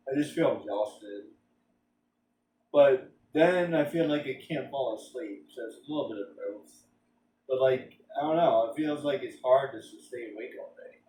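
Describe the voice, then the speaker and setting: A man's voice: medium pitch, mellow, far from the mic. A man chatting casually while streaming a game, rambling with lots of filler words and joking. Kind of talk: casual gameplay stream chat. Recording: roomy sound, off-mic, faint background hum.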